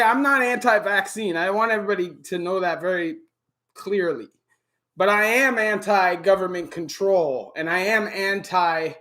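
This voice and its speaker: A middle-aged Canadian man with a Canadian accent hosting a relaxed live Q&A stream, greeting viewers by name and filling gaps with "you know". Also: high voice. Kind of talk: casual live-stream chat. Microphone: camera on a stand.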